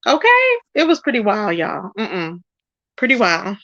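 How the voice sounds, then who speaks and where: A woman's voice: a little slow, no room sound, muffled recording. Woman gossiping on her stream, reads chat, dry close mic. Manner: animated, quotes people with rising pitch. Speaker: livestream host. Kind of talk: casual livestream chat.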